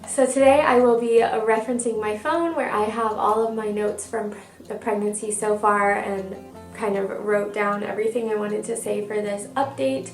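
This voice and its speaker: A woman's voice: medium pitch, fairly even intonation, normal speed, faint music behind. A young woman giving a chatty, upbeat pregnancy update, stuffed up from a cold and a little out of breath. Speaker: vlogger. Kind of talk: casual pregnancy update vlog. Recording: echoey room, mic at a distance.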